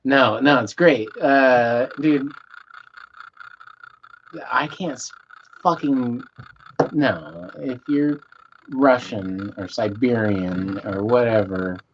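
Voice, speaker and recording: A man hosting a casual livestream, high and rambling, swearing freely and losing his train of thought as he reads chat aloud. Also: drawn-out words, long pauses, muffled recording, slight background noise. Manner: loose, meandering, self-interrupting, stoned and swearing. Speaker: livestream host.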